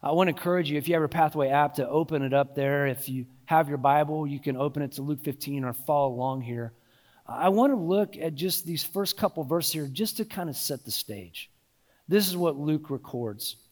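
High-voiced male pastor preaching. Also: fairly quick, a little mellow. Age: adult, married. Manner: conversational preaching with frequent "you know" and restarts. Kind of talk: sermon.

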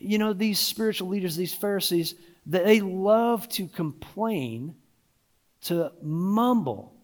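A married man preaching a sermon in a conversational way, with frequent asides and small restarts. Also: high-pitched. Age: adult, married. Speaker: pastor.

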